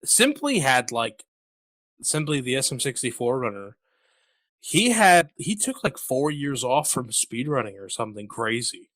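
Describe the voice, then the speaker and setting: A man's voice: medium pitch, very animated, unhurried, a bit bright, dry recording. A man hosting a podcast, chatting casually in a rambling, joking way full of fillers. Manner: rambling, jokey, lots of fillers. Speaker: podcast host. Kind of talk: casual chat.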